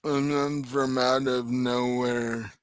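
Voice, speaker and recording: A game master narrates a tabletop horror session at a very slow, unhurried pace. He is a man who laughs often, and his voice is smooth and clear. The sound is close and dry. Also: medium pitch, flat delivery, dry recording.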